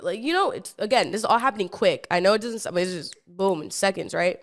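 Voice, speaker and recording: A woman's voice: medium pitch, fast, hardly any pauses. Chatty young woman telling a wild story. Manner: breathless, filler-heavy, repeats words; animated, swears freely. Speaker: podcast host. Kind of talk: casual storytime monologue.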